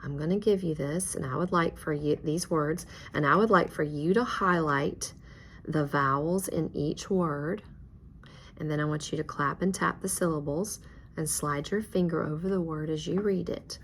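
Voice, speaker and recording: A woman's voice: sits low, normal speed, a little hiss or hum. A woman teacher guiding a student step by step through a reading lesson, patient and encouraging, sometimes dropping to a whisper.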